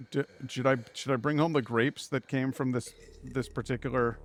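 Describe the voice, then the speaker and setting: A man's voice: mid-range voice, fairly even intonation, moderate pace, few pauses. A man streaming a game live, chatting casually and rambling through jokes and puns as he plays. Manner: rambling, jokey, punning. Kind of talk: casual live gameplay commentary.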